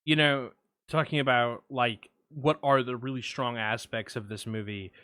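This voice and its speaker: A man co-hosting a film podcast, chatting with quick asides and restarts. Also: medium pitch, steady tone, sharp tone, smooth, dry recording, clean studio sound. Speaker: podcast co-host. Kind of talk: casual film discussion.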